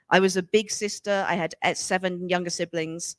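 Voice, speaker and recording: An English author in her forties, guesting in a casual conversation, talks frankly and emphatically, swearing casually and animatedly acting out the voices of people she quotes. Her voice is fairly low and brisk with few pauses, and there is no echo.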